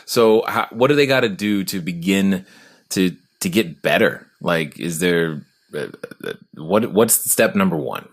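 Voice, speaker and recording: A man hosting a podcast interview, talking casually with halting restarts and frequent laughs. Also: sits low. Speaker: podcast host.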